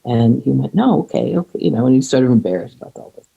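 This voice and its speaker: A middle-aged woman talks in an earnest, halting way, stopping and restarting as she searches for the words. Her voice is dark and mellow with a slightly husky edge. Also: extremely low pitch, dull audio. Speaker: podcast guest. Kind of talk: reflective conversation.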